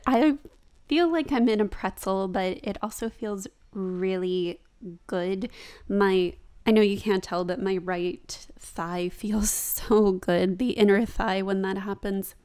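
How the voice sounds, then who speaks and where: A woman's voice: medium pitch, takes it slowly, darkish tone, clear, resonant tone. A young woman talking casually over her own yoga practice as a vlogger, chatty and laughing at herself.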